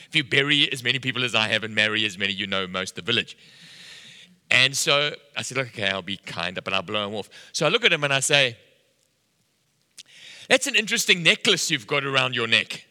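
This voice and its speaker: A man's voice: medium pitch, fast, sharp tone. A middle-aged man preaching a sermon, telling a story and acting out the dialogue with animation. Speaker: pastor. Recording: long hall reverb.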